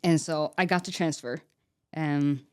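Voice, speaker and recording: Young adult woman, podcast guest. Low voice, dry and close. Earnest, unguarded testimony with lots of "like" fillers. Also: steady tone, measured pace, a little mellow, clean tone, dry recording. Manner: earnest and candid, with frequent "like" fillers. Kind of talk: personal faith testimony.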